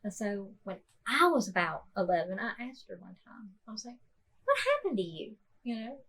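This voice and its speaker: A woman, hosting a podcast and telling a personal story softly, with many fillers and restarts. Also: mid-range voice, brisk, vocal fry, slightly rough, low-quality recording. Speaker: podcast host.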